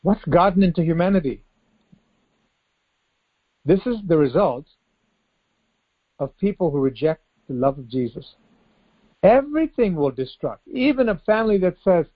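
A male preacher delivers a devotional sermon in a somewhat high voice. He piles up rhetorical questions and repeats words for emphasis. The recording sounds dull and lo-fi. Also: very animated, normal speed, long pauses.

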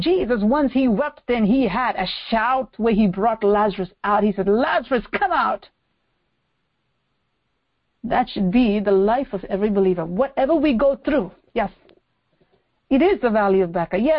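A woman's voice: high-pitched, dull audio. A woman preacher giving a sermon, emphatic, repeating phrases and posing rhetorical questions.

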